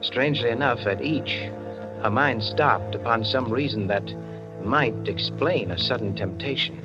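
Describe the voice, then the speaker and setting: A man narrating a 1940s radio drama in a measured, even storytelling manner. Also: medium pitch, lightly acted. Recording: muffled old radio with music bed.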